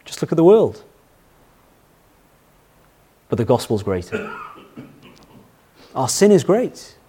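Sermon: middle-aged pastor, lively pitch, emphatic, repeats lines. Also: male voice, slow, breathy edge. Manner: anecdotal, emphatic, repeats key phrases.

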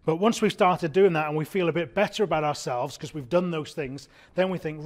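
A man with a slightly higher voice delivers an evening sermon to a congregation. He speaks earnestly and with emphasis, slowing down to land his key words and repeating them for weight. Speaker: preacher.

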